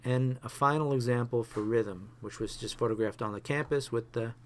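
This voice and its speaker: A man lectures a photography class in an unhurried, casual way, often stopping with fillers and starting his sentences over. His voice sits at an ordinary middle pitch. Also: a little hiss or hum. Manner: halting, many fillers and restarts. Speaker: photography instructor.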